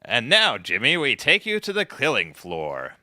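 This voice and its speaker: A man's voice: mid-range voice, huge pitch swings, a little slow, sharp tone, no room sound, studio quality, pitched above the performer's own voice, exaggerated voice. A man doing a pompous transatlantic announcer. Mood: grandiose. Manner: grandiose, showy announcing. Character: pompous old-fashioned male transatlantic announcer.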